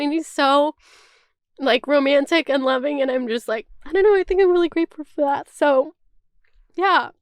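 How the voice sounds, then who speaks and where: High, chatty young woman vlogger. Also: no room sound, studio quality. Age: 20s. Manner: chatty, swears freely, heavy use of "like". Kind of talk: casual chat.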